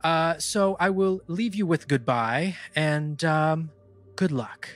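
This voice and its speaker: A man's voice: on the high side, slow, voice pushed up. A man voicing a curious, breezy female spirit speaking through a dead half-orc's body in a tabletop game, with an airy, offhand manner.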